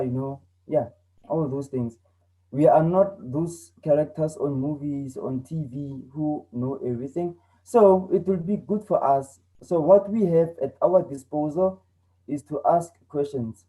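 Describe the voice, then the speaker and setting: A man's voice: fairly high pitch, mellow, low-quality recording. A man teaching an online English lesson, explaining patiently and repeating himself with a lot of "okay". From South Africa. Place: home.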